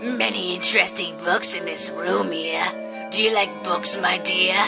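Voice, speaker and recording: A woman voicing a mysterious male salesman, speaking slowly in a put-on accent over game music. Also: fairly low pitch, creaky. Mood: smooth. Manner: slow, drawn-out, put-on accent.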